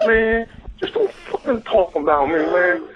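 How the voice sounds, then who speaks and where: An angry football player rants and curses without letting up, as a man puts him on. His voice runs high and swings wildly up and down. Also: huge pitch swings, measured pace, lo-fi sound, heavily acted. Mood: ranting. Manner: ranting, profane. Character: angry, foul-mouthed male football player.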